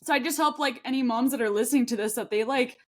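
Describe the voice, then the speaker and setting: A woman's voice: a little high, fast. A woman in her thirties co-hosting a podcast in casual chat, rambling and earnest with lots of fillers. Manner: chatty, rambling, many fillers and restarts; earnest and heartfelt. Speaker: podcast co-host.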